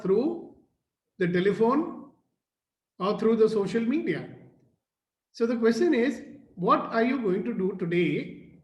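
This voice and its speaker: A high-voiced man leads a morning group video call. He coaxes his listeners with question after question and laughs often. The call audio sounds echoey and roomy. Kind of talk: motivational group talk on a call.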